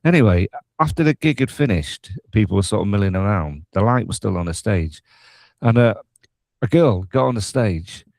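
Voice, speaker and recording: Low-voiced man, relaxed chat. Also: normal speed, creaky, dry recording. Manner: relaxed, hesitant storytelling with fillers. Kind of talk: casual chat.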